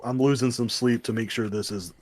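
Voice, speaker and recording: A man co-hosting a casual podcast, talking through a comic book review in a rambling, excited way and swearing casually. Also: medium pitch, fairly quick. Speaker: podcast co-host.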